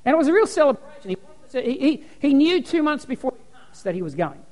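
Animated pastor in echoey hall. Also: male voice, extremely high pitch, fairly quick. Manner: animated storytelling, acts out cheering crowds. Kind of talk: sermon. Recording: echoey hall with long reverb.

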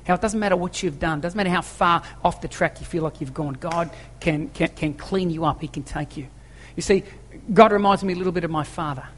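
With hardly any pauses, a pastor preaches fairly quickly in a slightly high voice, his words echoing with long reverb through a church hall. He speaks emphatically to his congregation, repeating key lines and asking rhetorical questions.

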